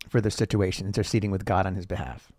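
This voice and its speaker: A man's voice: deep voice, darkish tone, no echo. A man hosting a podcast, reading old texts aloud and riffing on them in a profane, sarcastic, rambling way. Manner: profane, sarcastic, rambling, laughs at own jokes. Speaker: podcast host.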